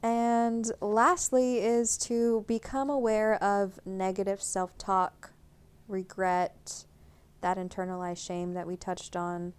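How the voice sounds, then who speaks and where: A woman's voice: mid-range voice, little pitch movement, slow pace, clean tone. A woman co-hosting a podcast, chatting casually and giving encouraging, practical tips. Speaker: podcast co-host. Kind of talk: casual chat.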